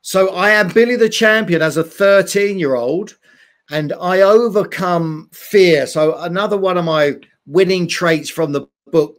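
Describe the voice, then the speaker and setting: Earnest high-voiced man telling his story. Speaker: guest, former boxing champion. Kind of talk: storytelling interview talk.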